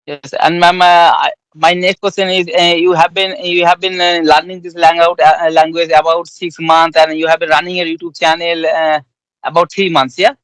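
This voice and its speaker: A man's voice: a little high, level tone, moderate pace, a bit bright, smooth, dry recording, poor audio. Hesitant Indian-accented man asking questions. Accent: Indian English. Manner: hesitant, many fillers and restarts. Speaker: interviewer. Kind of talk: casual conversation practice.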